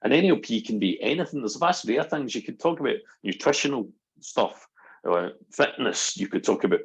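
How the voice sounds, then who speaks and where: Gravelly man telling stories. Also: mid-range voice, fairly quick, low-quality recording. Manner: animated storyteller, acts out quotes. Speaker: guest, NLP practitioner. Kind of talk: casual podcast chat.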